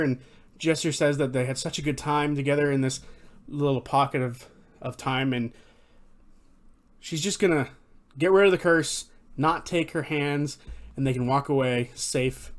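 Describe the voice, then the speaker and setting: A man giving casual, enthusiastic video commentary, recapping favorite moments, swearing freely and correcting himself as he goes. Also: mid-range voice. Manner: enthusiastic, profane, rambling with self-corrections. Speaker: fan commentator.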